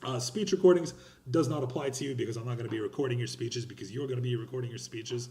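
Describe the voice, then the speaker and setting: This recorded online class lecture features a young male college instructor going over course policies in a loose, blunt, rambling way, full of slang and restarts. He talks quickly at a medium pitch with a darkish tone, and the recording has a roomy sound.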